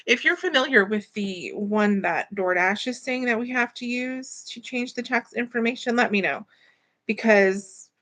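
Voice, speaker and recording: A woman hosts her live stream with a gravelly, fry-laden voice at an ordinary middle pitch. She rambles casually, filling pauses with ums, and greets viewers one by one. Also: sharp tone. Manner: rambling, filler-heavy, greeting chat viewers.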